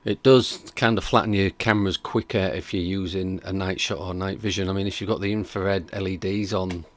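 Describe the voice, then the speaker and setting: Reading out comments from viewers, this reaction stream host keeps a casual, skeptical chat going. He has a low voice with a steady tone and speaks fairly quickly.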